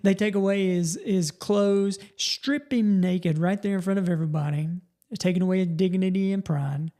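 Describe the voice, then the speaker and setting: A man's voice: high-pitched, steady tone, moderate pace, mellow. A middle-aged man, hosting a podcast and giving a folksy motivational talk, often restarting his words. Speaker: podcast host.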